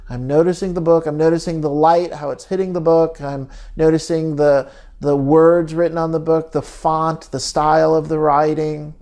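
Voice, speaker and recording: Gentle, halting male therapist. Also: on the high side, flat delivery. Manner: slow, gentle, halting delivery with frequent pauses. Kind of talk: reflective guided talk.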